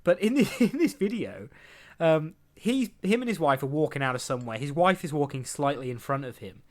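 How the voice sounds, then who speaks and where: Here a young man's voice sits on the high side, expressive and brisk with a slightly mellow tone. As a podcast host, he rambles through entertainment news in casual chat, full of laughter and acted-out quotes.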